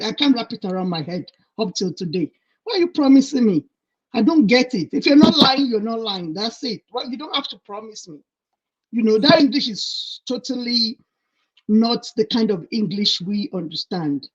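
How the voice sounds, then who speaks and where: A woman's voice: on the high side, slightly rough. A Nigerian woman in casual chat, making her point with emphatic, indignant repetition. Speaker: panel guest. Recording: muffled lo-fi audio.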